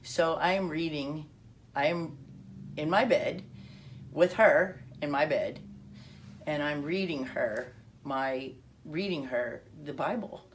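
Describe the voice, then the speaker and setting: Woman, low voice, personal testimony, acted-out dialogue, restarts, faint hiss behind. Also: takes it slowly, pauses often. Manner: animated storytelling with quoted dialogue and self-interrupting restarts. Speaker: speaker telling her testimony.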